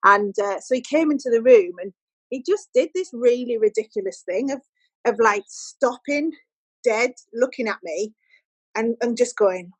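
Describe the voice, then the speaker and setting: A woman, a podcast guest telling a story in casual chat and quoting people in lively voices. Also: on the high side, normal speed, dry recording, rough recording.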